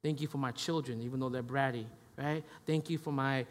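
A man's voice: mid-range voice, steady tone, a little fast. A male pastor preaching a sermon in a conversational way, often checking in with the congregation. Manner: conversational, frequent "right?" tags. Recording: long hall reverb.

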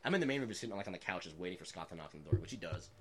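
A lowish-voiced young man spins long, rambling anecdotes full of filler words, breaking into laughter mid-sentence. It is casual podcast talk with a faint hum of ambience behind him. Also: expressive, very fast, fairly bright tone. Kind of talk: casual storytelling chat.

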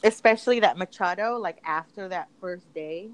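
A woman's voice: on the low side, normal speed, few pauses, rough recording. A woman co-hosting a podcast, talking in a chatty, casual way with lots of fillers and restarts. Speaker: podcast co-host. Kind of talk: casual chat.

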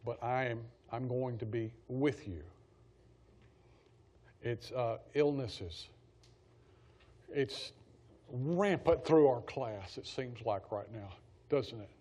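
A man's voice: mid-range voice, takes it slowly, pauses often, mellow. A man teaching a Bible study class in a conversational way, repeating key phrases for emphasis.

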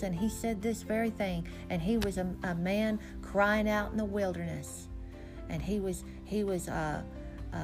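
A woman preaching a fervent sermon, her mid-pitched voice slowing for scripture and swelling with emphasis. Soft music plays faintly beneath her words. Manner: fervent, rising to emphatic declarations; reads scripture slowly and solemnly.

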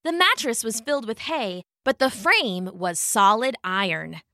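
Slow, bright-voiced woman storyteller. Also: on the high side, lively intonation, no room sound, studio quality. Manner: measured, unhurried storytelling. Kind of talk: scripted story narration.

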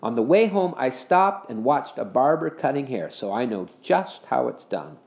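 A man voicing a brisk, soothing mother, in a dull lo-fi recording. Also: medium pitch, very animated, gravelly, a little mellow.

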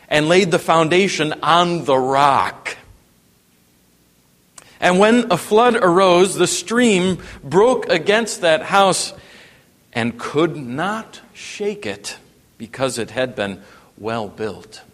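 A man preaching a sermon, dropping to a hush and then rising to emphatic, raised passages. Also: a little high, expressive, slow pace, long pauses. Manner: wide swings from hushed to emphatic preaching. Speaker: pastor. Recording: long reverb in a hall.

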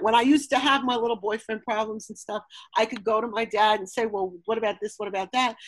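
A woman's voice: a little high, fairly bright tone, no room sound, rough recording. A woman in her forties, talking earnestly about family in a conversation, with frequent fillers and restarts. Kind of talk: personal storytelling in conversation.

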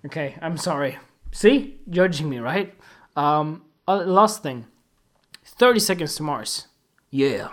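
A man hosting a podcast, telling funny everyday stories in a loose, animated and crude way, often laughing at himself. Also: on the high side, slow pace. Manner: animated, giggly, crude, self-mocking. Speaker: podcast host. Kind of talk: casual comic storytelling.

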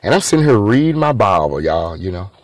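A man's voice: lowish voice, very animated, fairly quick, dry recording. A man telling a personal story in a loose, rambling way, full of street slang. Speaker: former inmate telling his story.

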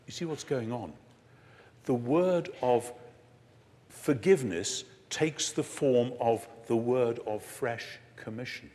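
An older man giving a sermon-style lecture to an audience, expressive, slowing down for emphasis and moving between soft and loud. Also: medium pitch. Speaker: preacher. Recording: long hall reverb.

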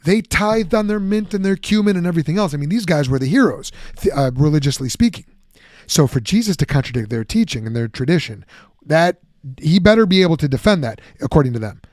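A man giving a lively, conversational Bible teaching, often acting out the objections he answers. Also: on the high side, fast, dry recording, clean studio sound. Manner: animated, conversational, acts out objections.

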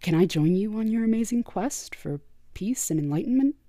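A woman voicing a devoted, awestruck male robot minion in a breathy, hushed voice. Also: mid-range voice, animated, normal speed, dry recording, studio quality, voice pushed up, close to an everyday voice. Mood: eager.

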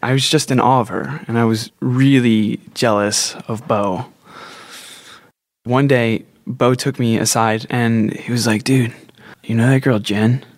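A man's voice: mid-range voice, fairly even intonation, unhurried, no room sound. A man telling a personal story, candid and self-deprecating, chuckling now and then.

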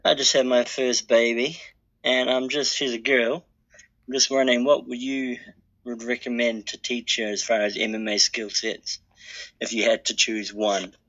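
A man's voice: medium pitch, little pitch movement, moderate pace, fairly bright tone, lo-fi sound. A man with a New Zealand accent leaving a friendly, laid-back voice message as a caller. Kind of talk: recorded voice message.

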